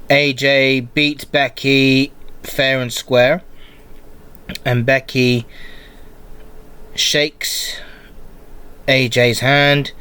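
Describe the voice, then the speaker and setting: A man's voice: mid-range voice, fairly bright tone. A man hosting a casual solo wrestling podcast, rambling and restarting his sentences, with a cold. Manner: slow, rambling, restarts often. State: has a cold. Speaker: podcast host.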